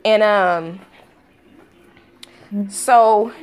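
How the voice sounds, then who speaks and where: A woman casually telling a storytime vlog at home, acting out quotes with sudden pitch jumps and breaking off to talk to her young children. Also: extremely slow, clear, resonant tone. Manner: talks to her toddlers between story bits. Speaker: vlogger.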